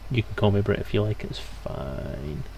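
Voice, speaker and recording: A man's voice: lowish voice, completely flat delivery, rapid-fire, gravelly, noisy background. A British man from Scotland, streaming a game and chatting casually with his viewers as he plays. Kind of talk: casual live-stream gaming commentary.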